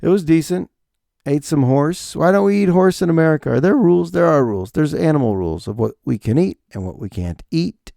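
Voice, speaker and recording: Gravelly, animated male podcast host. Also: fairly high pitch, a little fast, no room sound, clean studio sound. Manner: rambling, animated, profane storytelling. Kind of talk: comedic podcast monologue.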